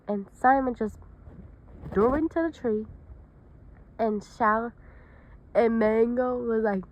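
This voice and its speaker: A woman's voice: on the high side, unhurried, pauses often, a little mellow, a little hiss or hum, rough recording. A woman telling an improvised story in a casual, rambling way, with run-on sentences and restarts.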